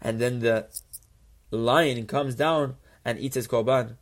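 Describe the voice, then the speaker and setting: A man's voice: mid-range voice, steady tone, takes it slowly. A man teaching a religious text lesson who reads Hebrew phrases, translates each, and answers his own rhetorical questions. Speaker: Torah teacher.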